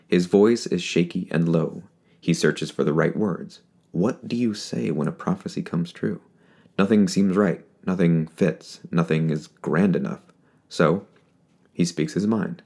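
Deep, gravelly male story narrator. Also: fairly even intonation, measured pace, darkish tone. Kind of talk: scripted fiction narration.

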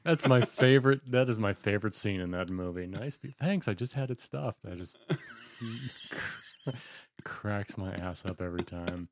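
A man's voice: on the low side, measured pace. A man co-hosting a casual podcast who laughs easily and talks with enthusiasm. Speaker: podcast co-host. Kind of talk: casual chat.

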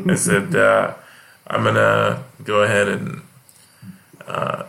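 A man's voice: lowish voice, drawn-out words, gravelly. A man from Hawaii, a guest comedian, chatting casually on a podcast and acting out the people in his stories. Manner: animated storyteller, acts out voices. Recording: echoey room.

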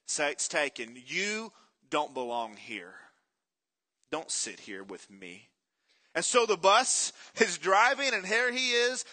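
A man preaching a sermon, telling stories with energy and asking the congregation questions. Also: high voice. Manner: animated storytelling, asks the congregation questions. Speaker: pastor.

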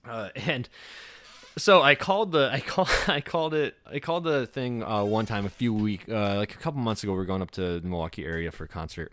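A man's voice: fairly low pitch, a bit bright. A man hosting a casual comedy podcast, telling a story with frequent laughter and swearing. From Iowa. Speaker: podcast host.

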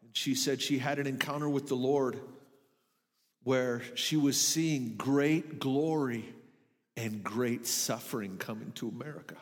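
A man's voice: medium pitch, measured pace, big-room sound. A middle-aged man preaching a sermon in a church, earnest and emphatic. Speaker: pastor. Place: church sanctuary.

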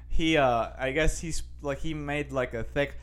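Young man from Costa Rica, casual host; slightly high voice, loose rambling delivery full of fillers. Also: measured pace, fairly bright tone. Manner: rambling, many fillers and restarts. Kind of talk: casual chat.

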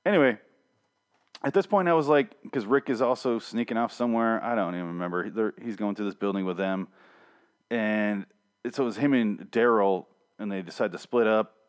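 A man's voice: lowish voice, a little fast, clear, resonant tone. A young man hosting a casual solo review podcast, talking sarcastically and swearing freely as he mocks an episode.

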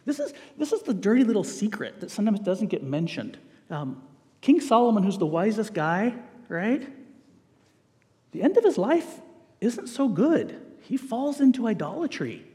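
A middle-aged man delivers a sermon with a fairly high voice and a lively, joking manner. His words ring out with the long reverb of a large hall. He slips in playful asides to the congregation. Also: normal speed. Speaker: preacher.

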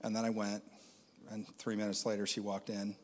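A man's voice: lowish voice, monotone, a little fast, in a large hall. A man giving a conversational personal testimony as a Christian speaker, with lots of fillers.

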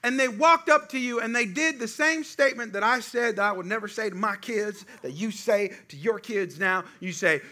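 A middle-aged man preaching a sermon to a congregation, with animated call-and-response delivery. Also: sits high, fairly quick, few pauses. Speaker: pastor.

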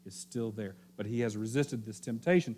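A male pastor giving a sermon, telling the story with animated, repeated phrases and frequent restarts. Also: on the low side, moderate pace, slight background noise.

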